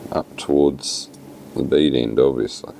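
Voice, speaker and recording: Man, New Zealand accent, extremely low voice, rough fry, laid-back tutorial talk, faint hiss behind. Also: measured pace. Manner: relaxed, plain-spoken, lots of fillers. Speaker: fly tying instructor. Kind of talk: casual step-by-step tutorial.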